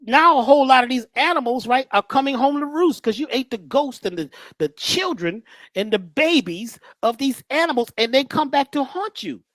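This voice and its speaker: A man speaking as a guest in animated storytelling talk that is folksy and joking. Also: extremely high pitch, normal speed, no room sound. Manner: lively, joking, preacherly, folksy.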